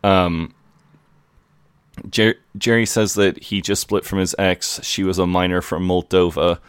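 A man's voice: low-pitched, level tone, unhurried, smooth, dry recording. A man co-hosting a podcast, casually narrating a TV episode's plot step by step and quoting the characters. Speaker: podcast co-host. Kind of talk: casual chat recapping a TV episode.

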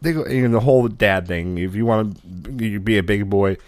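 A man with a somewhat low voice tells a long, rambling story in a casual chat. He laughs often and backtracks as he goes. The sound is close and dry, with no room around it. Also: a little fast, a little mellow, no room sound. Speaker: podcast co-host.

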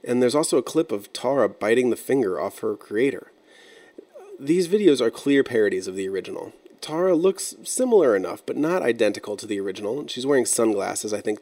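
A man narrating an internet-mystery video in a measured, explanatory and slightly wry way. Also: lowish voice, a little mellow. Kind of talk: scripted narration.

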